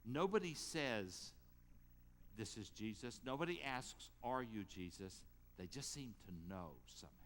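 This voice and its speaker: A man preaching a sermon as pastor, retelling a story with lively rises and drops in his voice. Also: mid-range voice, moderate pace, hardly any pauses, long reverb tail. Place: church sanctuary.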